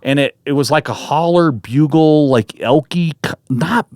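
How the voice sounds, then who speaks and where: A man's voice: a little high, moderate pace, dry recording. A man from Northern California, a podcast guest, telling a story in casual conversation with lots of swearing and restarts. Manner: animated, profane, full of restarts.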